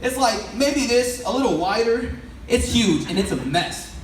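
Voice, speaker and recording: Speaking to an audience in an extremely high-pitched, expressive voice, a man takes his time delivering a sermon-like storytelling talk. He keeps it loose and conversational and frequently poses questions to the crowd, captured by a distant mic in an echoey hall with faint background noise.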